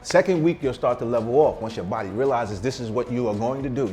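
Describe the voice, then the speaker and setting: A man's voice: medium pitch, fast talker, few pauses, darkish tone, slight background noise. A middle-aged man, a vegan chef guest, talking in an emphatic, slangy, boastful way in a casual interview at a restaurant.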